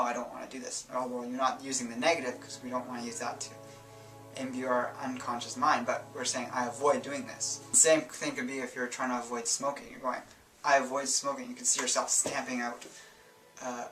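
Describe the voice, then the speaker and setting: Guy explaining self help stuff, bright voice, kinda far from the mic in an echoey room. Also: medium pitch. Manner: relaxed, rambling explanations with fillers and self-corrections. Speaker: self-help channel host. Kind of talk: casual instructional talk. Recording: roomy sound from a distance, faint music.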